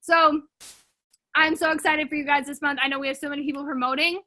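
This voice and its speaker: A woman's voice: high-pitched, steady tone, fast, pushed and bright. Young woman, team leader, casual motivational chat with lots of "like", upbeat and pushy, video-call mic. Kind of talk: casual pep talk.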